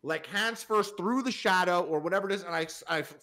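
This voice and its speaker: A man's voice: sits high, fast, pushed and bright. Rambling young man telling a story. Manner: rambling, lots of fillers and restarts. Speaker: podcast host. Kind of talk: casual storytelling.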